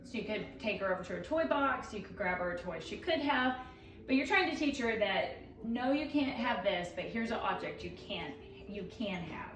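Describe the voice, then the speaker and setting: A woman dog trainer explaining a training demonstration while playing, switching between excited praise and firm commands. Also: medium pitch, moderate pace, echoey room, recorded from a distance, noisy background.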